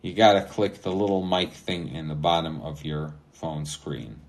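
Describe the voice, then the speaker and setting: A man's voice: extremely low pitch, moderate pace. A man co-hosting a call-in podcast, talking casually and rambling with lots of fillers, laughing at his own jokes. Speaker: podcast co-host. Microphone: remote call-in app.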